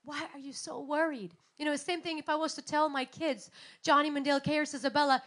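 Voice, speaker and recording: Woman pastor in her thirties, sermon, animated stories, pretty high voice. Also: brisk. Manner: animated storytelling, acts out quotes with big swings in loudness.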